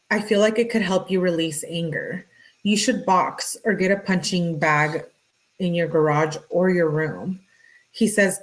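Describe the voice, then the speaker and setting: A woman's voice: fairly low pitch, low-quality recording. Woman reading texts with casual commentary. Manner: casual, reacts to live chat comments; exasperated asides between read messages. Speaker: true crime commentator. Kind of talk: reading text messages aloud with commentary.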